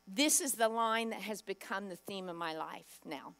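A woman's voice: mid-range voice, moderate pace, gravelly, hardly any pauses, fairly bright tone. A woman pastor preaching a sermon, emphatic, acting out Bible quotes and putting direct questions to the congregation.

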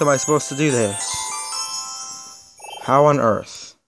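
A man's voice: mid-range voice, takes it slowly, pauses often, faint music behind. A young man giving casual, exasperated gameplay commentary, with sarcastic asides as he plays. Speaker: gaming video host.

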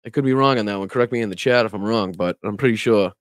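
A man's voice: lowish voice, very fast, no room sound, clean studio sound. A man hosting a casual political livestream who talks straight to his chat, laughs often and swears when annoyed. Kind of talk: casual live-stream commentary.

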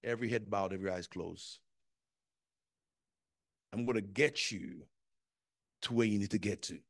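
A man's voice: fairly low pitch, normal speed, vocal fry, dry recording, rough recording. A male pastor giving an urgent, pleading altar call in church, with many repeated lines.

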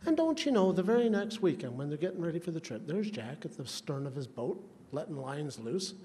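Very animated and fairly quick, a man with a slightly high, warm voice spins rambling, folksy comic stories while teasing the guest of honor at a charity roast. Long hall reverb and faint room noise come through.

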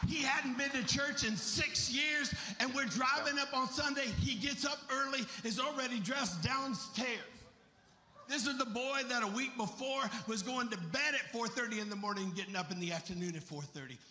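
A middle-aged man preaching a fervent sermon as pastor, rising to shouts at his high points. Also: normal speed, a little hiss or hum. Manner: impassioned preaching, shouting at climaxes. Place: large church. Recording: echoey church hall.

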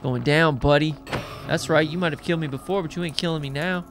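A man giving excitable gameplay commentary, full of taunting trash talk aimed at the monsters he is fighting. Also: on the high side, racing, noisy background. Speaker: gaming YouTuber.

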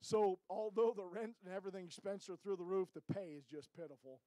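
Middle-aged man, high tenor, folksy missionary report in church, dry close sound. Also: brisk, dark tone, no echo, low-quality recording. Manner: folksy, keeps tagging lines with "amen?".

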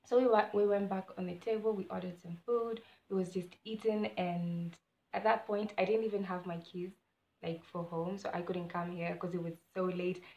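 A young woman tells a story in a casual vlog, animated and swinging from loud outbursts to low mutters. Her voice sits fairly low for a woman. The recording is roomy, with a clear echo off the walls. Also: normal speed, dull audio. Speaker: vlogger. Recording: echoey room.

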